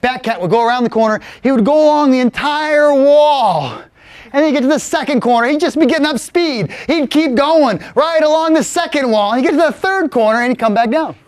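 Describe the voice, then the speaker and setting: Lively man telling a tall tale. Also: very high voice, brisk, dry recording. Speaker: storyteller. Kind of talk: live spoken storytelling.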